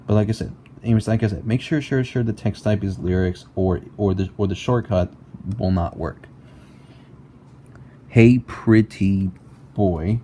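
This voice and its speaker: A young man explaining a music game tutorial in a halting way, repeating words and filling with "basically" and "like", recorded on a laptop mic at home. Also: on the low side, warm tone, a little hiss or hum. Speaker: tutorial maker. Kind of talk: casual screen-recorded tutorial.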